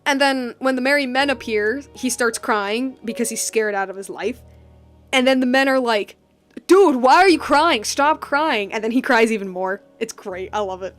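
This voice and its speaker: A woman's voice: on the high side, moderate pace, soft background music. A young woman casually retelling a story while drawing, rambling with lots of fillers and giggles. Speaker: streamer drawing and chatting.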